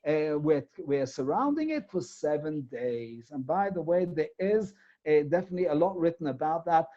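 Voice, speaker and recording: A man's voice: fairly high pitch, expressive, moderate pace, warm tone. A man giving a Torah lesson, explaining step by step and posing rhetorical questions. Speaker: Torah teacher. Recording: dull lo-fi recording.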